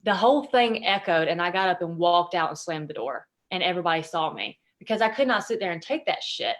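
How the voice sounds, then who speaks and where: A woman's voice: lowish voice, lively intonation, brisk. A woman speaking as a podcast guest, telling personal stories candidly, emotional, with plenty of fillers and free swearing. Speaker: podcast guest, intuitive consultant. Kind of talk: candid conversational storytelling.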